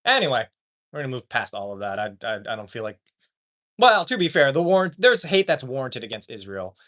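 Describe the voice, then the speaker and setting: A man's voice: medium pitch, very animated, brisk, fairly bright tone. A man streaming live, reading chat and ranting with heavy swearing. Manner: profane, ranting, reads chat aloud.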